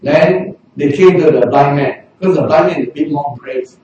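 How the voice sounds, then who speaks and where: A man preaching a sermon in a lively way, often rising to a shout for emphasis. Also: a little high, normal speed, highs cut off, a little hiss or hum. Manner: animated, bursts into shouting for emphasis. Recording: very echoey hall, mic far off.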